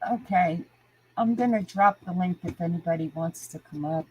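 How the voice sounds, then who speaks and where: A woman's voice: lowish voice, moderate pace, slightly rough, rough recording. An older woman hosting a live stream, ranting indignantly and greeting viewers by name, stuffy from a sinus infection. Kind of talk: casual live-stream chat.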